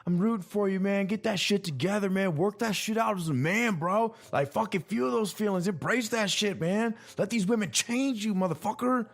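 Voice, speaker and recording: A man putting on the strained, high voice of a guy holding back tears, earnestly swearing and pleading. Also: normal speed, gravelly, hardly any pauses.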